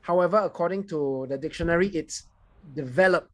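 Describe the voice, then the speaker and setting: Singaporean speaker correcting grammar and pronunciation over a video call, mid pitch, bit of background noise. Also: animated, brisk. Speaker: language evaluator. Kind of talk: club speech evaluation.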